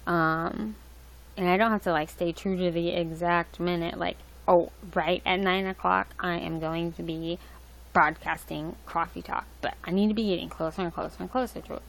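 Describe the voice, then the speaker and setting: A woman's voice: on the low side, fairly even intonation, moderate pace, vocal fry, fairly bright tone, low-quality recording. A young woman hosting a livestream, rambling loosely with lots of fillers and restarts. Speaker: livestream host. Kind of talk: casual rambling chat. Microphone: laptop mic.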